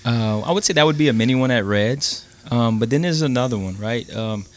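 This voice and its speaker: A man guest on a faith podcast, telling stories in a lively, halting way with many restarts. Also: medium pitch. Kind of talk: casual storytelling.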